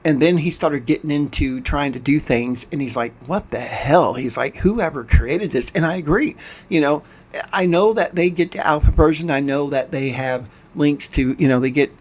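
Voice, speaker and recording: With a voice on the high side and a moderate pace, an older gaming host rants in frustration while playing, narrating over screen capture and often stumbling and restarting his sentences.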